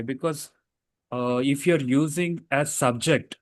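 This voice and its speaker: A man's voice: on the high side, unhurried, no echo. Man, grammar teacher, explanatory, fillers and restarts, dry recording. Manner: explanatory, with fillers and self-corrections. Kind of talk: casual grammar lesson.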